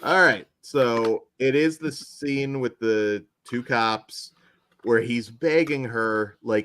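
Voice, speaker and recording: A man's voice: mid-range voice, slow pace, fairly bright tone. A man hosting a casual horror film review podcast, rambling with frequent restarts. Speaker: podcast host.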